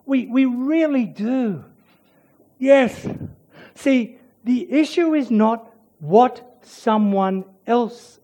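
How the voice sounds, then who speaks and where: A preacher giving a sermon, swinging between loud urging and hushed near-whispers. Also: mid-range voice, drawn-out words.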